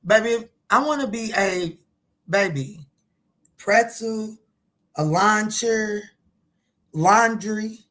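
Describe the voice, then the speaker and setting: A middle-aged woman with an ordinary mid-range voice chats loosely with her viewers as a tarot reader. She is playful and quick to laugh, and she answers their comments in a relaxed, teasing way. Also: medium pitch. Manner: chatty and playful, laughs often, talks back to the chat. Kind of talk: casual livestream chat.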